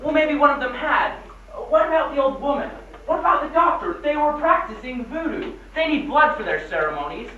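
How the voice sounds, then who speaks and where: A woman's voice: sits high, expressive, a little fast, fairly bright tone, slight background noise. An actress playing an urgent, anxious young woman pleading a case in an old film. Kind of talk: 1940s film acting. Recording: echoey, distant, dull old film soundtrack.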